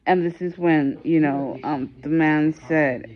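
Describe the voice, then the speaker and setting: A woman's voice: deep voice, steady tone, slow, hardly any pauses, lo-fi sound. A woman telling a personal story in a casual, rambling way, full of fillers and restarts.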